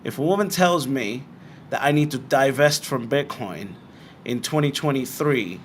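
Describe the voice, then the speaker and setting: A young man from Britain hosting a casual livestream, answering viewer questions bluntly and swearing freely. His voice sits at a middle pitch, with faint noise and room ambience behind it. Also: moderate pace. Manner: blunt, swearing, animated asides. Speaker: bitcoin livestream host.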